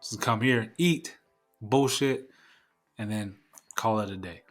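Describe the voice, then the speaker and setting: A man's voice: fairly low pitch, slow, soft background music. Blunt, profane man ranting on a podcast. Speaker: podcast host. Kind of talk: casual solo podcast rant.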